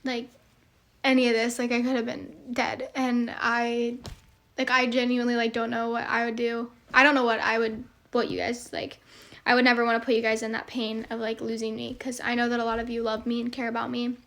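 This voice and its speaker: A woman's voice: a little high, completely flat delivery, brisk, a bit bright. A young woman and social media creator speaks to her followers in a heartfelt monologue. She rambles earnestly, full of fillers.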